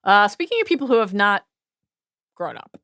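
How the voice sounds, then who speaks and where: A woman co-hosting a podcast in a casual recap chat, playful and animated, sometimes reading book passages aloud. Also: mid-range voice, moderate pace, no room sound, clean studio sound. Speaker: podcast co-host.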